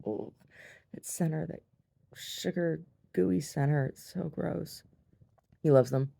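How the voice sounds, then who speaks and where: A woman telling a rambling story in her video diary, chatty and quick to laugh, often repeating herself. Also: deep voice, vocal fry, dark tone. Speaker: video diarist. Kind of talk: casual storytelling to camera.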